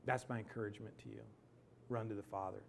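A man preaching a sermon, telling a personal story in an animated, emphatic way and then leading a hushed, earnest prayer. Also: on the low side, fast, vocal fry, slight background noise.

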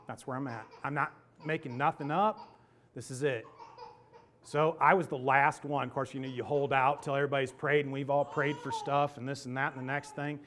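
A man preaching a sermon, telling a personal story in an animated, emphatic way and then leading a hushed, earnest prayer. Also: mid-range voice, a little fast.

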